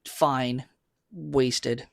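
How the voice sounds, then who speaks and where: A man argues his take on a film, building a playful fan theory point by point. His voice sits at a middle pitch. The recording is close and dry. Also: fairly even intonation, extremely slow, gravelly, no echo. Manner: opinionated, lays out theories step by step. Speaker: podcast co-host. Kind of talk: casual movie discussion.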